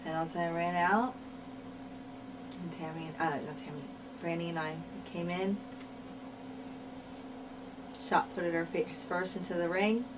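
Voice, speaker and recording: A woman's voice: lowish voice, fairly even intonation, a little fast. A woman being interviewed about her wrestling career, talking frankly and repeating words for emphasis. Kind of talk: candid shoot interview storytelling. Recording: mic at a distance, faint noise.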